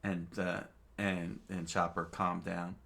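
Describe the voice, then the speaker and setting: A man narrating a manga aloud, halting and restarting often. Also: sits low, little pitch movement, vocal fry, a bit bright. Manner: halting, many fillers and restarts. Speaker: reader, narrator. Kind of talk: unscripted manga read-aloud.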